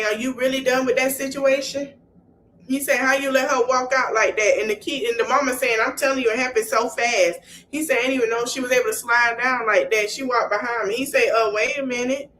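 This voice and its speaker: A woman's voice: fairly high pitch, slight background noise, poor audio. Chatty woman retelling TV drama. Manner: animated storytelling, retelling scenes in he-say-she-say fashion; slangy, colloquial asides to listeners. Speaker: podcast host. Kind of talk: casual reality TV recap.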